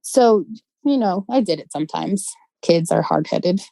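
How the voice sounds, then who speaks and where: Woman, low pitch, dark mellow tone, casual storytelling, animated quoted voices. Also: a little slow, vocal fry, no room sound, low-quality recording. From West London. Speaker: guest storyteller.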